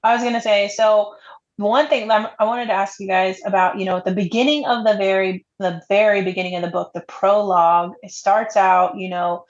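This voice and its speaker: A woman's voice: mid-range voice, fairly even intonation, brisk. Chatty woman on a lo-fi mic. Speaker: book club member. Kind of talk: casual chat. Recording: dull lo-fi sound.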